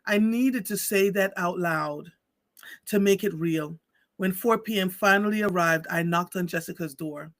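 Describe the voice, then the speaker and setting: A man hosting a livestream, reading a story aloud slowly and with feeling, then chatting with viewers. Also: sits high, a bit bright, no room sound. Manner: slow, heartfelt reading with dramatic pauses. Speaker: livestream host.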